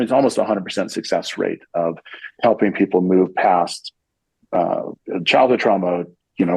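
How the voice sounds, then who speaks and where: Gravelly-voiced man, casual guest talk. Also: sits low, a little mellow, dry recording, low-quality recording. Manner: rambling with frequent restarts and fillers. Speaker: podcast guest, CEO. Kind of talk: casual conversational interview.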